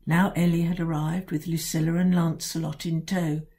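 Woman author reading aloud to children, wry and unhurried, low-ish warm tone. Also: flat delivery. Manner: wry, sly first-person storytelling with dramatic pauses. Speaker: children's book author reading her own book.

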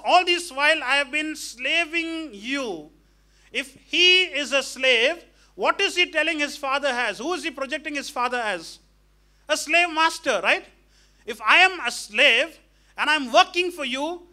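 High, bright-voiced preaching man. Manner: emphatic preaching, quoting characters in dramatic voice. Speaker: pastor. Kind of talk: sermon. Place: church hall.

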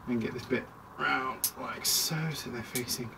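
A man talks through a toy review in a loose, chatty ramble, breaking off mid-thought and circling back. He is recorded from a distance at home, with clear background noise and plastic clicks under his voice. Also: medium pitch, steady tone, measured pace. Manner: rambling, chatty, self-interrupting. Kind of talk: casual toy review vlog.

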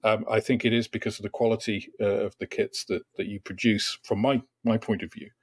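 A man's voice: on the low side, little pitch movement, a little fast, husky, no room sound. A man hosting a casual interview, speaking with many ums and restarts. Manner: hesitant, many fillers and restarts. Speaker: host.

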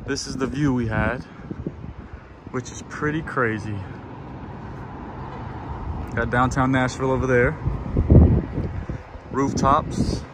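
A young man with a twang, chatting excitedly to camera as a vlogger, saying y'all a lot. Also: medium pitch. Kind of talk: casual vlog narration. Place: outdoors at a farm and indoors at a venue. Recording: noisy handheld camera audio.

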